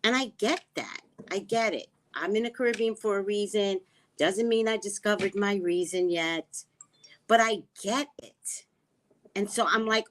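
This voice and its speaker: A woman running a spiritual vlog, talking slowly and reflectively and often dropping to a hushed tone. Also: mid-range voice. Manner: slow, musing, often drops to a hushed tone. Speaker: spiritual reader and vlogger. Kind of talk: reflective personal talk. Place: living in the Caribbean.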